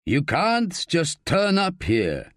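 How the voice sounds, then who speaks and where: Guy putting on an annoyed landlord, slow and huffy, bit higher. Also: wildly swooping pitch, fairly bright tone, dry recording, studio quality, full character voice. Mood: indignant. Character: indignant male landlord, defensive.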